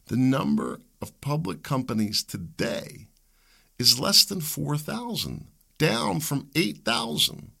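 A man's voice: mid-range voice, vocal fry, pushed and bright. A middle-aged man hosting a solo talk show, rambling, joking and opinionated in a conversational way. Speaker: podcast host.

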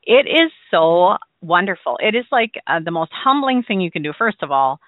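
A woman's voice: on the low side, big pitch swings, normal speed, dry recording. A woman host speaking earnestly and reflectively in a casual interview. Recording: dry tinny phone-like line.

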